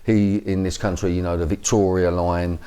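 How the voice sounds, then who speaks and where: Man, fifties, Cockney accent, low pitch, dark tone, rambling interview account. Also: flat delivery, moderate pace, smooth. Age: 50s. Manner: rambling, many fillers and restarts. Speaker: interview guest.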